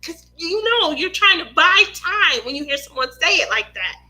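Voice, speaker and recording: A woman, a mother of two, hosting a craft livestream and telling a family story in a lively, laughing way, often acting out other people's lines. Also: very high voice, moderate pace, low-quality recording. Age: adult mother of two.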